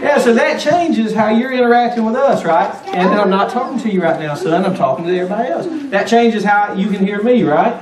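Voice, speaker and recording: A man's voice: high voice, a little fast, few pauses, background noise. A man leading a children's church lesson, patient and coaxing, full of questions to the kids. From Georgia, US. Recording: echoey room from far off, kids chattering.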